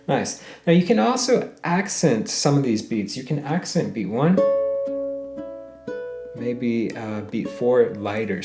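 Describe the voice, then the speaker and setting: A man gives a friendly, step-by-step ukulele lesson, counting beats aloud, humming the melody, and calling viewers "guys." His warm, medium-pitched voice swings widely in pitch and is a little slow. The recording has a roomy echo, ukulele playing, and soft background music.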